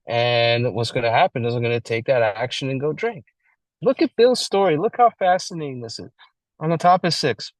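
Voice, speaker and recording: A man co-leading a recovery book study, talking in a slangy, animated way and acting out little scenes as he explains. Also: mid-range voice, dry recording, rough recording. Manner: animated, slangy, acts out scenarios. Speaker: study group co-leader. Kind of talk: casual recovery-meeting share.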